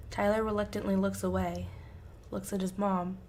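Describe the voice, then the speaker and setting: A woman's voice: mid-range voice, level tone, moderate pace, a little mellow, slight background noise. A woman reading a fan fiction story aloud with intense, emotive narration. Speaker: fanfiction reader.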